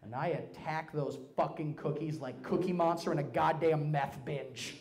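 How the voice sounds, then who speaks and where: A young man doing a stand-up routine, telling profane stories in a brash, animated way on a club stage. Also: a little high, normal speed, crowd noise. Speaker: stand-up comedian. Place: comedy club stage before a live audience.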